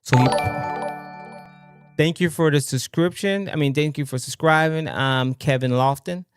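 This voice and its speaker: Male livestream host, fairly high voice, dry close sound; rambles, stumbles over words, keeps exclaiming. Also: smooth, no echo, soft background music. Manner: rambling, halting, with many fillers and exclamations. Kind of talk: casual livestream commentary.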